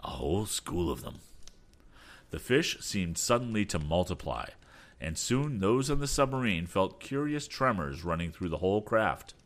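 A man narrating a classic adventure novel aloud in a steady, expressive reading. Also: on the low side, moderate pace. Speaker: audiobook narrator.

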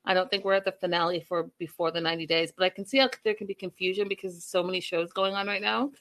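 A woman with a fairly low pitch and a quick pace runs through a reality show episode casually. Animated, she reads viewer comments aloud and plays out people's lines, dropping in sassy asides.

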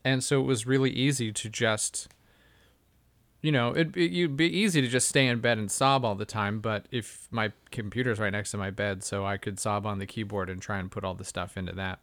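A man's voice: on the low side, steady tone, fairly quick, fairly bright tone, dry recording. Joking man in casual chat, dry sound. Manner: joking, bursts into put-on voices and laughs.

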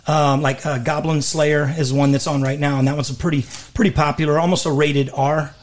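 Raspy-voiced man telling stories. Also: a little high, little pitch movement, fairly quick. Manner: candid, laughs often, uses 'man'. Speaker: guest, voice actor. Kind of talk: casual storytelling in interview. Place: studio.

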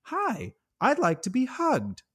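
A man voicing a small menacing killer doll in a high, sweet toy voice. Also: wildly swooping pitch, slow, husky, exaggerated voice. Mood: creepy sweet.

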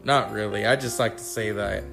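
A man doing an impression of an older male politician, drawling slowly and using pet names. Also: lowish voice, fairly even intonation, creaky, fairly bright tone, faint music behind, voice pushed down.

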